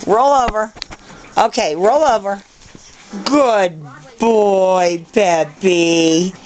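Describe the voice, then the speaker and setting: A woman's voice: mid-range voice, extremely slow, darkish tone. A woman training her dogs with firm, repeated commands in a casual home video.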